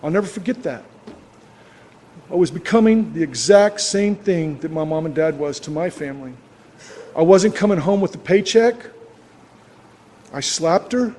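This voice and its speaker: A man's voice: a little high, animated, normal speed, long pauses, mellow, long reverb tail. An older man telling his personal story to a recovery meeting, plainspoken and rambling, with lots of fillers. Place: club meeting hall.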